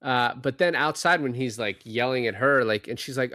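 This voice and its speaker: A man's voice: mid-range voice, normal speed, sharp tone, dry recording, studio quality. A man co-hosting a podcast, casually retelling film scenes and acting out the characters' lines. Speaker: podcast co-host.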